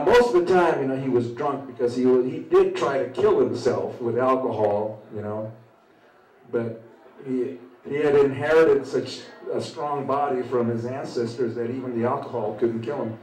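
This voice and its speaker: Older male veteran, mid-pitched voice, talking off the cuff at an open mic with lots of "you know"s, heard from across a roomy space. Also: darkish tone. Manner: conversational, halting, with frequent "you know" tags. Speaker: veteran speaker. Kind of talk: personal storytelling at an open mic. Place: open mic at a small venue. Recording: roomy sound from a distant mic.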